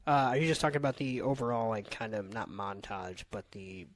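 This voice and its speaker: Low-voiced, measured man. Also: dry recording. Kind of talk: casual film review chat.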